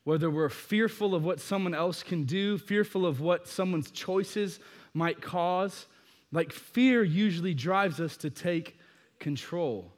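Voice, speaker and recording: A young man preaching to a youth crowd in a casual storytelling way, swinging from hushed asides to loud bursts. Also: high voice, takes it slowly, long reverb tail.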